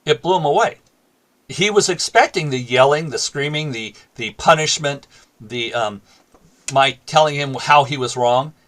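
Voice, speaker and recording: This former teacher's voice is fairly high and fairly bright, moving at a normal speed. He's sharing a classroom anecdote during a talk show interview, voicing both parts of the exchange.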